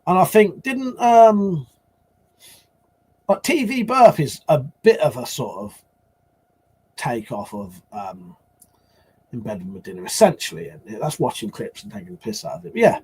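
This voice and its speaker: A man's voice: on the high side, sing-song, moderate pace, gravelly, pauses often, a little mellow, breathy edge. A man hosting a casual live stream, rambling and swearing as he answers chat.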